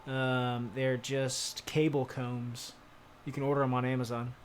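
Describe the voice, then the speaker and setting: A man's voice: mid-range voice, little pitch movement, unhurried, a little hiss or hum. A young man chatting casually on a livestream while building a keyboard, answering viewers in laid-back, slangy banter full of swearing.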